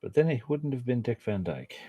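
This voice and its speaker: A man with a medium-pitched, dark voice talks very animatedly and a bit quickly, with slight hiss or hum in the audio. He's a miniature painter and channel host chatting casually while painting at home, rambling, poking fun at himself, and tossing in jokey asides.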